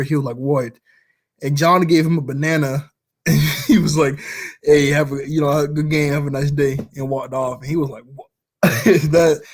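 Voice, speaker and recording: A man chatting casually about movies he likes, rambling along, often chuckling as he retells scenes. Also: medium pitch. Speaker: vlogger.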